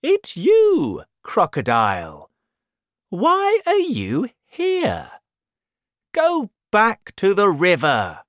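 A woman voicing an indignant elephant in a children's story, high and scolding. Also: wildly swooping pitch, very slow, dry recording, clean studio sound, heavily acted. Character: indignant young male elephant.

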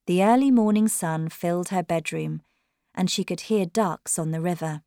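A woman narrating an audiobook in a measured, expressive way. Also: on the low side, no echo, clean studio sound. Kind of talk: audiobook reading.

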